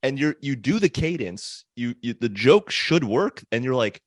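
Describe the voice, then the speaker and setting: A man's voice: mid-range voice, normal speed, no room sound, studio quality. A man co-hosting a comedy podcast, telling stories casually and acting out quotes. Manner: animated storyteller, acts out quotes. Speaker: podcast co-host.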